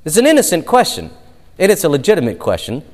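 A man preaching a sermon as a pastor, emphatic and given to drawn-out storytelling. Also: on the high side, wildly swooping pitch, long reverb tail.

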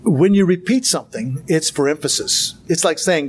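Man, Bible lecture, slightly high voice, earnest, rhetorical questions. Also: moderate pace, slight background noise. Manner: earnest, repeats words for emphasis, rhetorical questions. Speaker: Bible teacher. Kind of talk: lecture with slides.

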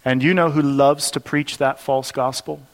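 A man's voice: mid-range voice, steady tone, moderate pace. Preaching man in a reverberant hall. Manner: earnest, explanatory teaching with rhetorical questions. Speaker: pastor. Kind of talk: expository sermon.

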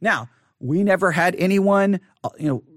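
A middle-aged man with a notably high-pitched voice tells a story in a casual, rambling monologue. He gets animated, acting out people's lines and building nearly to a shout when he is exasperated. The sound is dry, with almost no room echo. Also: normal speed. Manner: animated, acts out quotes, rises to near shouting when exasperated.

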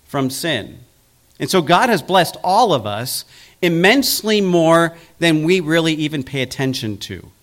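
A man preaching a sermon as pastor in a church, earnest and slowing down to stress key words. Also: on the high side, fairly bright tone.

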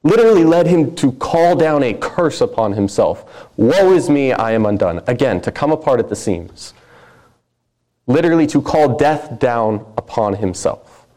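Man, preacher, sermon, earnest and emphatic, mellow warm voice. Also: mid-range voice, animated, moderate pace. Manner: earnest, emphatic scripture reading.

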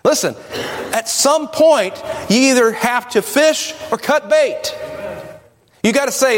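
A man's voice: extremely high pitch, expressive, normal speed. A pastor preaching a sermon, firing rhetorical questions at his congregation. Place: church sanctuary. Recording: long reverb of a church hall.

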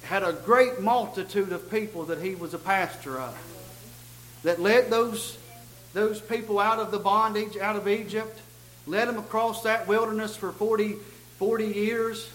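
A man's voice: sits high, fairly even intonation, a little slow, a bit bright, echoey room, rough recording. A middle-aged man preaching a sermon in a church, with folksy emphasis and frequent stammered restarts. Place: church sanctuary.

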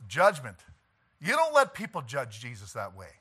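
Fiery preacher, bright voice. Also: male voice, mid-range voice, huge pitch swings, normal speed, slightly rough. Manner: impassioned preaching, rising to shouts, with chuckles. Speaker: pastor. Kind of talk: sermon.

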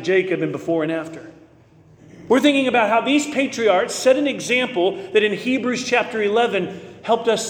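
A man preaching a sermon as pastor, earnest and emphatic, slowing to stress key phrases. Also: sits high, roomy sound, long reverb tail.

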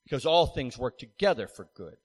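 Animated man preaching a sermon. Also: mid-range voice, a little fast, slightly rough. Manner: animated preaching, rising to loud cries; conversational asides to the congregation. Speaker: pastor.

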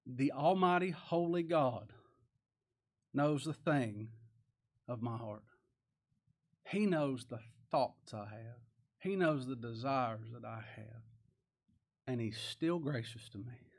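A man preaching a sermon as pastor, folksy and humorous, swinging between soft, quiet lines and loud, rising emphasis. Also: medium pitch, slow, long pauses.

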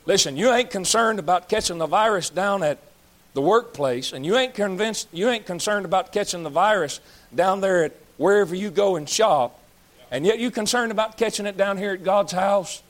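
A man's voice: high-pitched, normal speed. A man, preaching a blunt, folksy sermon as pastor, scolding and joking with his congregation. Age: 30s. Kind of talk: fiery sermon.

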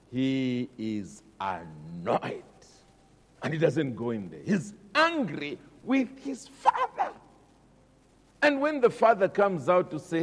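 A man preaching a sermon, dramatic, dropping to a hush and then rising loud. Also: sits high, big pitch swings, slow, in a large hall. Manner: dramatic, swings between hushed and loud.

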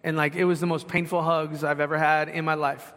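Middle-aged guy pastor, a bit high voice, chatty sermon, lots of questions, long church echo. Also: level tone, fairly quick, a bit bright. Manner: conversational, asks the congregation questions. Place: church sanctuary. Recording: long hall reverb.

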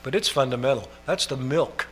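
A pastor preaching a sermon in an earnest way, building up to emphatic, almost shouted passages. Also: male voice, mid-range voice, normal speed, a little hiss or hum.

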